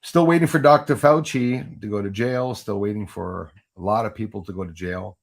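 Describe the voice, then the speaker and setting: A man's voice: on the low side, normal speed, gravelly. A man hosting a live stream in a rambling, casual way, often restarting and laughing at his own jokes, into a USB microphone at home. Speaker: livestream host. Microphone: Yeti USB microphone.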